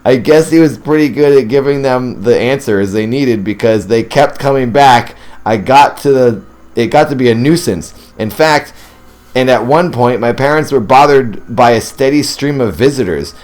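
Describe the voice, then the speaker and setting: A man's voice: mid-range voice, normal speed, a little mellow. A man reading a ghost story aloud. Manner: reads first-person accounts, breaks off to react emotionally. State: teary and sniffling. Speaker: host reading ghost stories. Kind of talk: story reading with excited asides.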